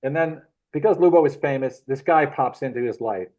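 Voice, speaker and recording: A middle-aged man, the guest, telling rambling adventure anecdotes in a casual, animated way with frequent chuckles. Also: medium pitch, a little fast, poor audio. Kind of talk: casual storytelling.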